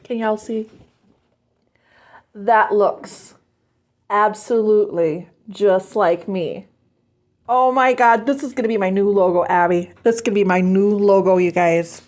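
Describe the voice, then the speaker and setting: A woman's voice: medium pitch, fairly even intonation, a little slow, long pauses, a little mellow. A woman hosting a casual vlog, chatting while opening fan mail and gushing with sentimental thanks. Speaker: vlog host.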